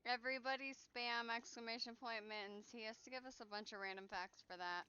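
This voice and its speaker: A woman's voice: on the high side, fairly even intonation, a little fast, sharp tone, smooth, dull audio. A woman streamer chatting casually while coding, laughing often and swearing now and then.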